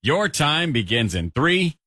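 A man's voice: on the high side, very animated, slow, pushed and bright, husky, no echo, studio quality. A man hosting a radio game segment, playful and laughing often. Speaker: radio show host. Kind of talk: casual radio game banter.

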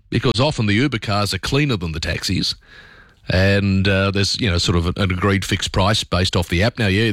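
A man's voice: mid-range voice, a bit bright, dry recording, studio quality. An Australian man hosting talkback radio, talking through his opinions in a conversational, opinionated way with plenty of fillers.

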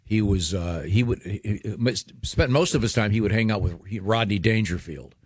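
A man with a slightly low voice hosts a relaxed chat. He rambles through folksy stories full of fillers. The sound is close and dry. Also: normal speed, breathy edge, no echo. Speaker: host. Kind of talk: casual chat.

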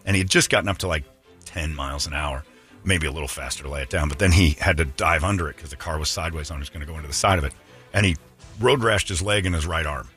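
A man's voice: extremely low pitch, fast, fairly bright tone, faint music behind. A man hosting a radio show, telling a long rambling story in a casual, anecdotal way with restarts and asides.

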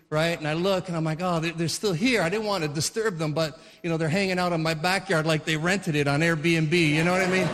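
A man's voice: on the high side, long reverb tail. Rambling male stand-up comic. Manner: rambling storytelling, frequent fillers and restarts. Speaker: stand-up comedian. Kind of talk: stand-up comedy routine.

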